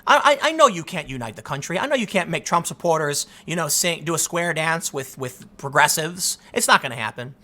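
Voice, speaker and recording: Fired-up, high-voiced male political commentator. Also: animated, brisk, few pauses, sharp tone. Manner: emphatic and indignant, repeats words as he restarts. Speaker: political commentator, show host. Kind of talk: heated political commentary monologue.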